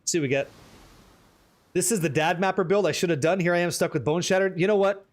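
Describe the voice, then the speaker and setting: A man live-streaming a game, chatting and joking with viewers, excitable and profane. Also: high voice, fast. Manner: excitable, profane, teasing chat, reading questions aloud.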